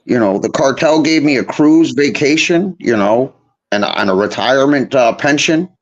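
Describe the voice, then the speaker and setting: A male caller pleads his case in a halting, stammering way, at an ordinary pitch. His voice comes through a muffled, lo-fi line that lacks the top end. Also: expressive. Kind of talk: comedic call-in banter.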